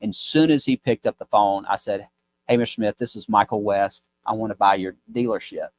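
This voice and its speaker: This is a low-pitched man with a drawl, chatting casually as a podcast guest. He rambles through his stories with a folksy ease and acts out the people in them. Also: brisk, no echo. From Mississippi. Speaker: podcast guest, business owner. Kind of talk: casual storytelling chat.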